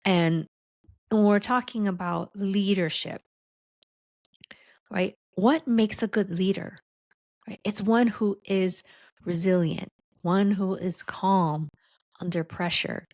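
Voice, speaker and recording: A woman's voice: medium pitch, takes it slowly, pauses often, a little mellow, no room sound, studio quality. A woman hosting a solo podcast, teaching leadership in a conversational way, often checking in with "right?". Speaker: leadership coach and podcast host.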